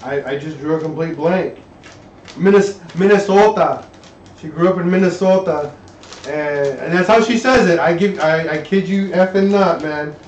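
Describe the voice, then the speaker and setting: A man chats casually into a live stream while he works on an engine, reading viewer messages aloud and wandering off mid-thought before starting over. His voice sits a little high for a man and sounds distant from the mic. The garage around him is echoey, the sound dull and muffled, with a faint hum in the background. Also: moderate pace, a little mellow. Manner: rambling, reads chat aloud, trails off and restarts. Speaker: livestream host working on an engine.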